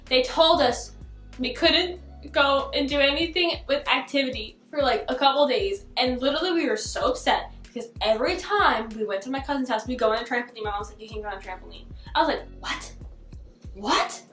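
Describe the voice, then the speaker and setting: A young woman vlogger telling a childhood story in a casual, animated way, laughing often and full of fillers. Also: high voice, a little fast. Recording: echoey room with faint music.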